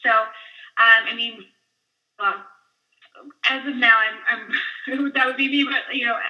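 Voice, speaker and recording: A woman's voice: fairly high pitch, steady tone, slow, muffled recording. A woman hosting a fitness team webinar, talking in an upbeat, gushing, casual way. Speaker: webinar host, team leader. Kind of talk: enthusiastic casual webinar talk.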